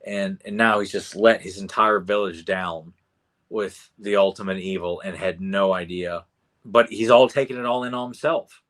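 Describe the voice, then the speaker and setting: A man co-hosting a casual podcast that reviews cartoon episodes, retelling scenes with animated enthusiasm. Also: deep voice, normal speed. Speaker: podcast co-host.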